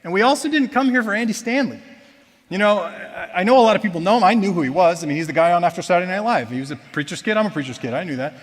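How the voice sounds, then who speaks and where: A man giving a personal testimony at church, telling his story in a conversational, self-deprecating way that moves between lively retelling and quiet reflection. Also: sits high, very fast, in a large hall. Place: church auditorium.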